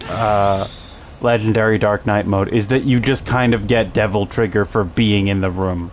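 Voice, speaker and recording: A man's voice: lowish voice, steady tone, normal speed, a little hiss or hum. A man casually commenting over a game he is playing, telling rambling, amused stories. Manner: rambling, amused storytelling with fillers. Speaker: gameplay streamer.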